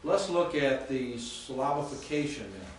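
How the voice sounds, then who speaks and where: Guy teaching a class, slow careful repeats, echoey room, mic far off, faint hiss. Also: medium pitch, lively intonation. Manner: patient, methodical, repeats pronunciations slowly. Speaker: Greek professor. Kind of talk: classroom lecture.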